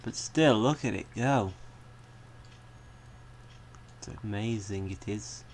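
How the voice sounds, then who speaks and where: A man's voice: lowish voice, takes it slowly, slight background noise. A man giving casual let's-play commentary on a game, chatty and rambling, wandering off on amused tangents. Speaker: gaming video creator.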